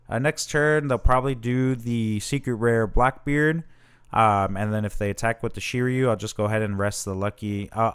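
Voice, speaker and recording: A man's voice: on the low side, clear, resonant tone. A man hosting his channel, casually commenting on his own card game match and thinking aloud with fillers and self-corrections.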